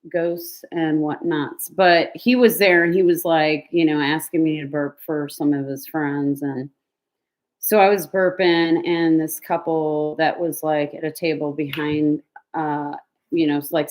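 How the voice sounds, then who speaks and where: A woman's voice: low-pitched, darkish tone. Blunt, profane woman telling stories. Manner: blunt and profane, laughing between lines; rambling with many fillers. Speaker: vlogger. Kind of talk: casual storytelling.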